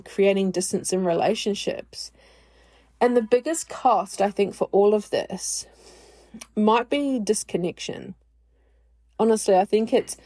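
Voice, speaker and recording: A woman hosting her own podcast, speaking in a personal, reflective monologue. She talks candidly and in a chatty way, often joking at her own expense. Her voice sits at an ordinary middle pitch. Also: dark tone. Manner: candid, chatty, self-deprecating. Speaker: podcast host.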